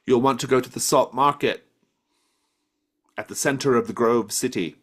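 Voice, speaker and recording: A man's voice: medium pitch, normal speed, husky, voice pushed up, natural voice. A man voicing a young female goblin who walks a pet lobster, in a friendly, chirpy way. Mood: helpful.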